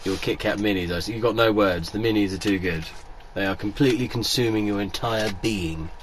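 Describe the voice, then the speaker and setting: A man co-hosting a podcast, swearing freely and setting up his stories in animated casual chat. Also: lowish voice, a little fast, a little hiss or hum. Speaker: podcast co-host.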